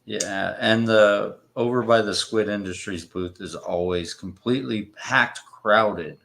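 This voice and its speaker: A man chatting casually on a podcast, slow and swearing now and then. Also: fairly low pitch, creaky, fairly bright tone. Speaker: podcast co-host. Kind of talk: casual chat.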